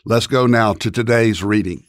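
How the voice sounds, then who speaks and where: A male host giving a calm, instructive scripted introduction. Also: fairly low pitch, moderate pace, a little hiss or hum.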